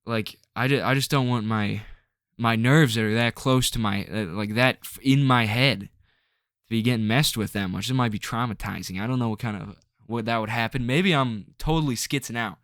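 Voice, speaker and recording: Man, vlog rant, rambling, frustrated, filler-heavy, mid pitch, dry close sound. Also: moderate pace, fairly bright tone, no room sound. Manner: rambling and frustrated, full of "like" and restarts. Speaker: vlogger. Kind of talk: ranting to camera.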